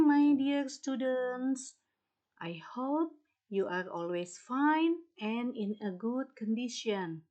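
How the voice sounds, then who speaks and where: A woman with an Indonesian accent, a native Indonesian speaker, teaching an English lesson slowly and repeating each point in Indonesian. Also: a little high, a little mellow, highs cut off. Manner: slow, explains in English then repeats in Indonesian. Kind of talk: recorded classroom lesson.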